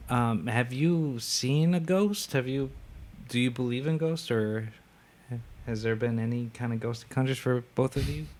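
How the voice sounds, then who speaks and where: A soft-spoken man hosting a podcast, asking his guest gentle questions. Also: medium pitch, moderate pace. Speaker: podcast host. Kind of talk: casual podcast interview.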